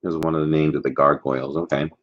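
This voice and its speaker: A man's voice: a bass voice, little pitch movement, rapid-fire, lo-fi sound. A man hosting a casual trivia livestream, chatty and jokey, rambling between questions.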